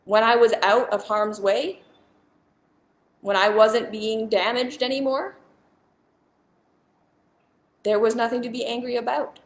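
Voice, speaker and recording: A woman's voice: a little high, fairly even intonation, measured pace, pauses often, roomy sound. A woman and spiritual teacher talking straight to viewers in a casual monologue, earnest and emphatic, often repeating herself.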